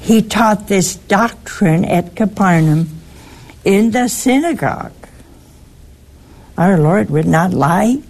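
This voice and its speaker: A woman hosting a religious call-in radio show, teaching slowly and emphatically and repeating points for stress. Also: mid-range voice, expressive, darkish tone.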